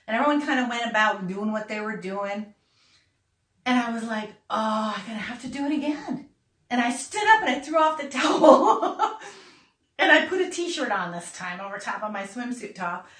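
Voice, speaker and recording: A middle-aged woman hosting a podcast, telling a personal story in a casual, animated way, laughing and acting out voices as she goes. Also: a little high. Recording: echoey room, a bit far from mic.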